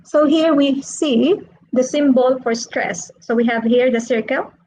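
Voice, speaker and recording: Slow-talking woman English teacher. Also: high voice, darkish tone, poor audio. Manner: slow, questioning, drawn-out teaching. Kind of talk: online classroom lesson.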